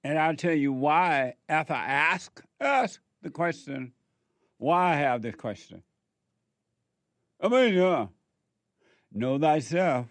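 A man giving a preachy spoken monologue, repeating rhetorical questions and pausing for answers. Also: on the high side, lively intonation, no room sound. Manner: acts out quoted back-and-forth dialogue. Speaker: speaker addressing listeners.

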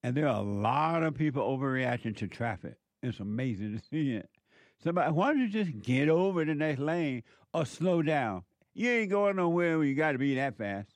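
A man preaches in a dry, close recording with a voice of ordinary pitch. He hammers his points through repetition and rhetorical questions, his tone emphatic throughout. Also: animated, moderate pace, no room sound. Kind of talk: preaching monologue.

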